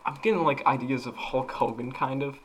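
A man's voice: medium pitch, brisk, a bit bright, slight background noise, poor audio. A young man co-hosting a podcast, chiming in with short joking remarks in casual chat. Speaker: podcast co-host.

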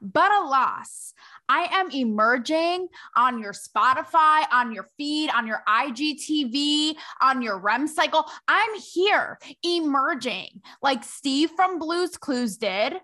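Woman, podcast host, high voice, swooping and animated, playful rambling monologue. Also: slow pace. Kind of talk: casual solo podcast monologue.

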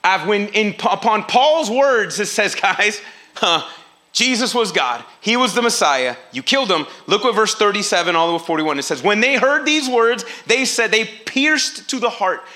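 Bright-voiced animated male preacher. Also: high voice, moderate pace. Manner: animated, acts out quoted voices, casual slang. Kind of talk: sermon.

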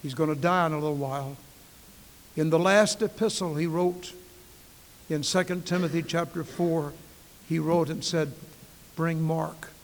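A man preaching a sermon as pastor, emphatic, swinging between hushed and loud passages. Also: fairly high pitch, in a large hall, a little hiss or hum.

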